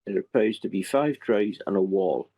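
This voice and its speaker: A man's voice: on the low side, normal speed, warm tone. A man playing a tabletop game, matter-of-fact and cautious. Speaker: player.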